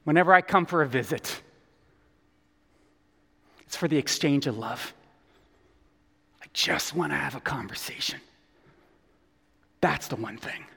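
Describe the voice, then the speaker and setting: A man speaking as a gentle, patient teacher. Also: high voice, a little slow, in a large hall. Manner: soft, gentle and reassuring. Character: calm, patient male teacher, gentle and kind.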